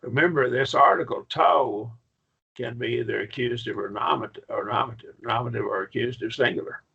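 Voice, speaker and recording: A man with a gravelly, husky voice teaches a Greek Bible class, walking the students through each point with eager enthusiasm. The recording is muffled and lo-fi. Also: mid-range voice, fast talker, sharp tone. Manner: enthusiastic, explaining step by step.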